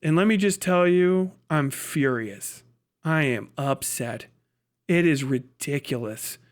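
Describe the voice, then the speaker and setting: A man putting on the voice of a pompous establishment politician, slow, hushed and solemn. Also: on the high side, pitched below the performer's own voice. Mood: mock solemn.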